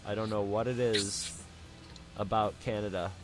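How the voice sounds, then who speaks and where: A podcast co-host with a lowish, steady voice talks at a moderate pace while music plays behind him. On this anime show he rambles through casual stories, slipping into folksy drawls as he goes.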